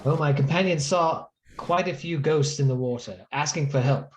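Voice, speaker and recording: A man's voice: a little high, normal speed, a little hiss or hum, lightly acted. A man speaking as a sly male cleric adventurer, wry and evasive, in a tabletop game. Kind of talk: tabletop role-play in character.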